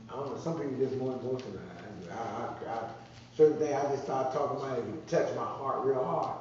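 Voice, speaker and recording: A man's voice: medium pitch, fast, a little mellow, far from the mic, slight background noise. A man preaching a conversational sermon, repeating phrases and drawing responses from the congregation. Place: church sanctuary. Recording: echoey muffled church sound from afar.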